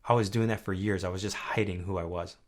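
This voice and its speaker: A man's voice: steady tone, quick pace. Earnest man hosting a faith podcast. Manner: earnest, conversational, often asks "right?"; swings from soft and low to loud and high when stirred. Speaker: podcast host. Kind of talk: faith-based personal podcast talk.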